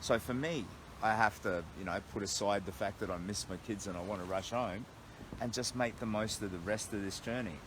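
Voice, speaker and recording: Earnest Australian man with a lowish voice. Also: brisk, noisy background. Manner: earnest and reflective, thinking aloud with restarts. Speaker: long-distance walker livestreaming to followers. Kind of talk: casual reflective livestream talk. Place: camped outdoors at night in a storm. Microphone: phone livestream.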